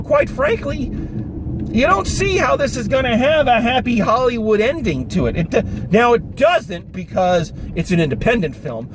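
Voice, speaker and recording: A man giving a casual, animated review of a film, talking with exasperation and some swearing, recorded in a car. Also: high-pitched. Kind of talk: casual spoken movie review. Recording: noisy car interior.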